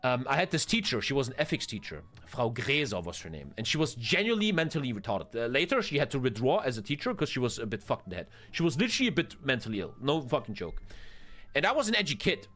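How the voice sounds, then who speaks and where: A man, telling a story in an animated, profane, emphatic way. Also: mid-range voice, fast talker. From Germany. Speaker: streamer host.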